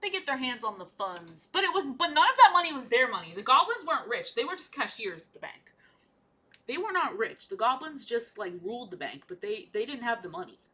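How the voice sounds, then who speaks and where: A woman's voice: on the high side, very animated, fairly quick, sharp tone. A young woman chatting casually while painting miniatures, repeating her own lines as she talks. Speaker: art vlogger.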